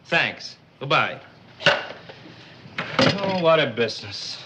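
An actor with a Cuban accent playing a hungry, harried husband in a 1950s sitcom. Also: male voice, medium pitch, big pitch swings, slow pace. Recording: old TV audio with background noise.

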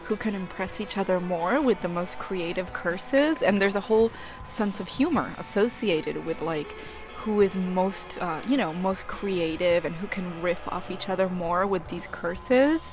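A woman's voice: on the low side, measured pace. A woman co-hosting a music radio show, chatting casually and enthusiastically as she explains songs and slang.

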